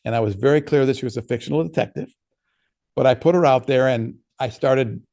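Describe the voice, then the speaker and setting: A man's voice: medium pitch, a little fast, vocal fry, darkish tone. A man, an author, giving a casual workshop talk and answering questions, telling stories in a conversational way with frequent restarts.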